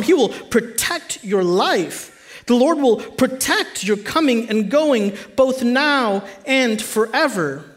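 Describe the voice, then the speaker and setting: A pastor delivering an animated, conversational sermon to his congregation. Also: high voice.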